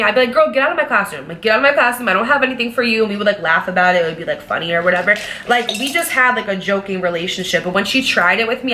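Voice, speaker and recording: A young woman vlogger telling a casual storytime, chatty and animated, full of fillers. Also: medium pitch, slight background noise.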